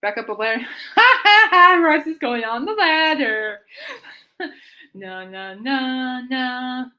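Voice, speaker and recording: In a high, slightly bright voice, a woman takes her time as she hosts her own music chat program. She chats and rambles, laughing often, joking at her own expense and drifting off topic.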